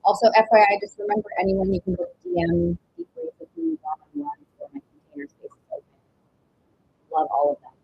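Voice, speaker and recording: A woman doing a live-stream tarot reading, chatty, with breathy pauses and drawn-out exclamations. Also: mid-range voice, very animated. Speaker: tarot reader. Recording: dull lo-fi stream audio with faint noise.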